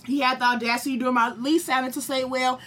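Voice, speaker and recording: Brash high-voiced woman telling a story. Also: fast talker. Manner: animated, profane, acts out quotes. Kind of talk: profane storytelling to friends.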